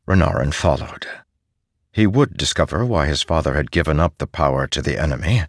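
A man reading an audiobook as a narrator, in a measured, steady manner. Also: extremely low pitch, no echo, studio quality. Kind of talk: scripted narration.

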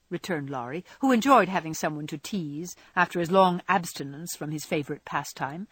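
A woman narrating a classic novel aloud in a measured, expressive reading. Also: deep voice, husky, dry recording. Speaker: audiobook narrator. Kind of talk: storybook narration.

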